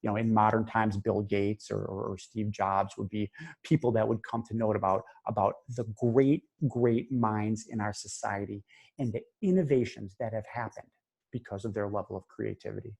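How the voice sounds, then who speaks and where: A man's voice: lowish voice, fairly even intonation, normal speed, gravelly, darkish tone, husky. A man who is a psychologist giving a webinar presentation, talking conversationally with many restarts and fillers. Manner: conversational, many restarts and fillers, quotes clients in brief voices.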